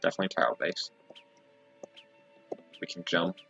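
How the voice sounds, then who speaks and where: A young man with a very low yet bright, forceful voice chats through a game stream, joking and reading on-screen text aloud. His talk is loose and full of fillers. The mic sounds dull and lo-fi, with faint game music underneath. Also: lively intonation, normal speed, creaky. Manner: jokey, chatty, lots of "like" fillers. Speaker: streamer, indie game developer. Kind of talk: casual let's-play commentary, reading game text aloud.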